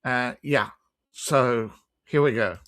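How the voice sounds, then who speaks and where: A woman's voice: a bass voice, slow, background noise. A woman hosting a reaction commentary, sarcastic and mocking. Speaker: host.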